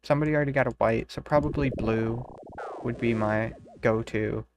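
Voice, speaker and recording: A streamer chatting casually to viewers while playing, dry and monotone, rambling and swearing now and then. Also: mid-range voice, moderate pace, background noise. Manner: rambling, profane, talks to chat. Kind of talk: casual live-stream chat.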